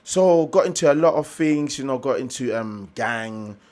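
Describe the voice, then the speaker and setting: A young German motivational speaker tells his story in a casual interview, animatedly acting out the voices of people he quotes. His voice is mid-range and at a normal speed.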